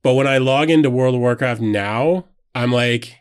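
A man's voice: mid-range voice, moderate pace, few pauses, clean tone. Upbeat rambling man chatting. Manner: rambling, self-correcting, upbeat. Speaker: podcast co-host. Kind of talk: casual chat.

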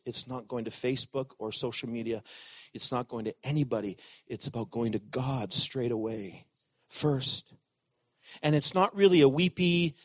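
A middle-aged man preaching a sermon as pastor, animated, swinging from loud emphatic lines to hushed asides. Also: mid-range voice, no echo.

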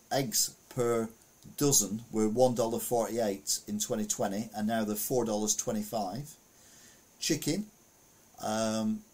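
A man's voice: on the low side, darkish tone. A man casually reading news headlines aloud and adding rambling, self-correcting comments full of fillers.

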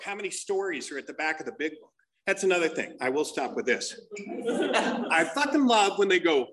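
A man's voice: sits high, normal speed. A man telling blunt, profane stories as he shares with a recovery group. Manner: profane, blunt, animated storyteller. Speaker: speaker sharing at a recovery meeting.

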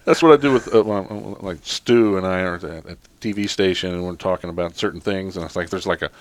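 A man's voice: deep voice, quick pace, dry recording. A man co-hosting a casual chat, wry and teasing, playing along with the jokes. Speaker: podcast co-host.

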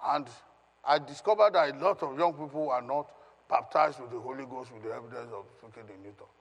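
A man's voice: medium pitch, fast, slightly rough, highs cut off. A male pastor giving an emphatic Bible teaching, questioning his congregation as he reads scripture. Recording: long reverb of a hall.

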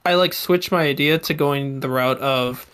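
A man's voice: mid-range voice, moderate pace, fairly bright tone, clean tone. A young man co-hosting a podcast, chatting in a laid-back, joking way about a movie. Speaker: podcast co-host. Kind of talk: casual movie review chat.

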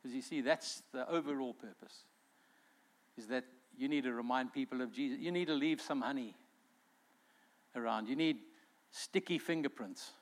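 A man's voice: mid-range voice, moderate pace, long pauses. A male pastor preaching a sermon in an earnest way, acting out quotes as he goes.

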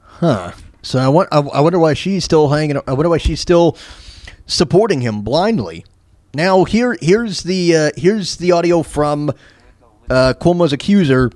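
A man's voice: a little high, animated, a little slow, darkish tone. A man hosting a podcast who comments casually on news clips, rambling and hesitant with many fillers and restarts. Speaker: podcast host.

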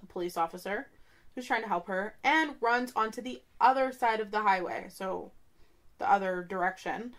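A woman co-hosts a true-crime podcast, telling the story in a loose, blunt way. She jokes and swears as she goes, and her voice sits at an everyday middle pitch. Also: normal speed, fairly bright tone. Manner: blunt and joking, swears freely. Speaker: podcast co-host. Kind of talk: casual true-crime chat.

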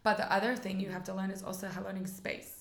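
A woman in her forties from the United States with an American accent, a guest in a relaxed interview, chatting upbeat with many fillers. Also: mid-range voice, fast, vocal fry, reverberant. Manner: chatty, upbeat, lots of fillers like "like" and "you know". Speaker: interview guest, rabbi's wife. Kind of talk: casual conversational interview.

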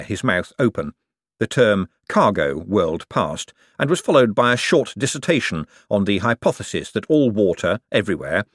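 Expressive male audiobook narrator. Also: fairly low pitch, no echo, clean studio sound. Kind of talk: scripted narration.

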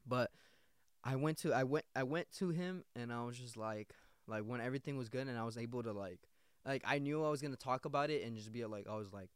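A man's voice: mid-range voice, fairly quick, clean tone, no echo, studio quality. A young man hosting a podcast, telling a story in a rambling, slangy, profane way, full of restarts. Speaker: podcast host. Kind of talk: casual storytelling.

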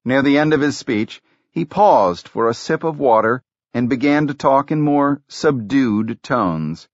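A man narrating an audiobook in a measured, even storytelling delivery. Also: mid-range voice, no echo, muffled recording. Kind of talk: scripted narration.

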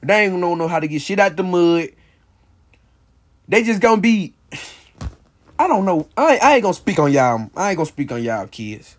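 A man's voice: high voice, sing-song, moderate pace, pauses often. A young man hosting his own podcast, ranting bluntly and profanely, with "bro" and "you feel me" after nearly every point. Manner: heated, insistent. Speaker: podcast host. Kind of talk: casual solo podcast rant.

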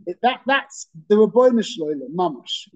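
A Torah teacher with a high, sing-song voice teaches a religious class conversationally at a normal pace, often checking in with "okay?" and repeating phrases for emphasis. The audio sounds dull.

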